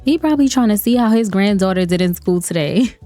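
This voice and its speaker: A young woman hosting a casual gaming video, chatty and animated, laughing often and talking to her viewers. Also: mid-range voice, a little fast, no echo, soft background music. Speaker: gaming channel host. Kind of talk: casual game commentary.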